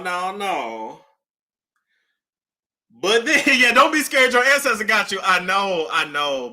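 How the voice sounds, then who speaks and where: A woman talking through celebrity gossip in a high, very bright voice that swings all over. She speaks slowly and with drama, breaking into nervous laughs. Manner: animated, gasping, nervous laughter. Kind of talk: casual gossip chat.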